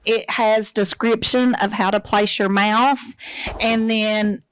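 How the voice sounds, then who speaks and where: A woman's voice: medium pitch, fairly even intonation, slow, smooth, low-quality recording. Chatty woman presenting to teachers. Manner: chatty, with many fillers and restarts. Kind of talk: casual live workshop talk. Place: training room with an audience. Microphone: microphone.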